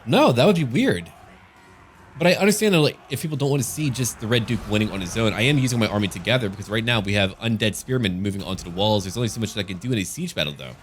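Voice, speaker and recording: A man's voice: on the low side, expressive, racing, few pauses, slight background noise. A man giving gameplay commentary as a gaming channel host, with dry, joking asides.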